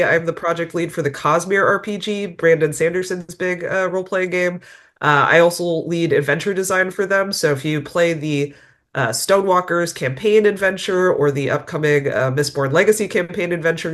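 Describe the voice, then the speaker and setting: A woman's voice: fairly low pitch, normal speed, fairly bright tone. A woman guesting on a podcast, talking casually with many fillers and easy laughs. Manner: chatty, filler-heavy, laughs easily. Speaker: podcast guest, game designer. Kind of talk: casual interview chat.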